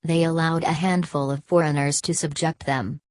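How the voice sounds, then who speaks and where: A woman's voice: low voice, steady tone, normal speed, a little mellow, dry recording, lightly acted. A woman voicing a proud, aloof young male student from an audiobook novel, speaking coolly and defiantly.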